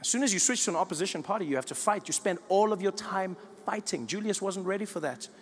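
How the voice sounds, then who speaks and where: A man's voice: sits high, expressive, fast. A stand-up comedian from South Africa in his thirties, telling stories animatedly and acting out voices and siren noises at a live show. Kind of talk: stand-up routine. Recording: live show in a large reverberant hall with audience noise.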